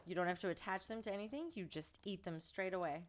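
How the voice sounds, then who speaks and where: A woman's voice: fairly low pitch, fast talker. Gushing chatty woman podcast host. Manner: gushing, chatty, laughs often. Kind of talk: casual podcast chat. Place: podcast studio.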